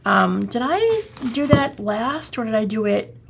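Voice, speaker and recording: Gravelly Boston woman teaching crafts. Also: a little high, big pitch swings, unhurried, noisy background. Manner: chatty, rambling, self-correcting, often checking the viewer follows. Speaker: craft tutorial host. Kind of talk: casual step-by-step crafting tutorial.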